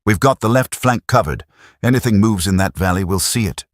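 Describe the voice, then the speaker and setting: A man's voice: on the low side, fairly quick, dry recording, voice pushed up, lightly acted. A man voicing a teasing private. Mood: friendly. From Sheffield, England. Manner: dry teasing banter. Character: cheeky young British private, joking.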